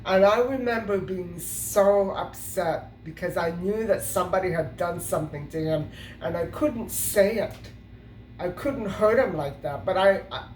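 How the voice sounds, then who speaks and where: A woman's voice: mid-range voice, darkish tone, a little hiss or hum. Middle-aged woman, storytime vlogger, meandering delivery full of fillers, picked up in a roomy space some way from the mic. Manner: rambling, with many fillers and restarts. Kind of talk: casual storytime monologue. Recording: roomy sound from a distance.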